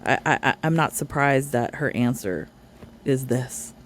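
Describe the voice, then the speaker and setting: A woman's voice: a bass voice, measured pace, slight background noise. A woman reacting to clips with blunt, sarcastic commentary. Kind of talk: casual commentary.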